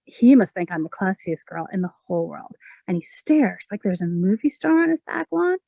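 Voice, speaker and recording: A woman poet giving a measured, expressive reading of her own poems. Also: medium pitch, vocal fry, dry recording, highs cut off. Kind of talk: poetry reading.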